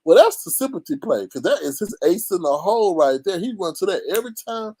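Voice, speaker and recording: A man hosting a casual gossip commentary, animated and mocking, often jumping into high squeals. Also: fast, no echo. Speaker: YouTube commentary host.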